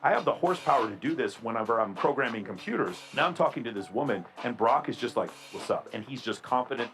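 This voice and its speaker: A man's voice: medium pitch, lively intonation, fairly bright tone, soft background music. A man talking casually as a guest, explaining his own situation through analogies. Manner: quick, self-explaining, uses analogies. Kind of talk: casual talk.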